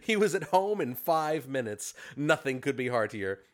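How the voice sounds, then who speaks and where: A man narrating a classic story aloud with animated expression. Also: medium pitch, moderate pace. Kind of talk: storybook reading.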